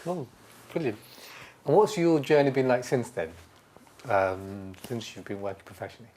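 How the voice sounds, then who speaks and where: A man's voice: mid-range voice, expressive, moderate pace, a little mellow. A man interviewing an actor, asking brief questions and giving short encouragement.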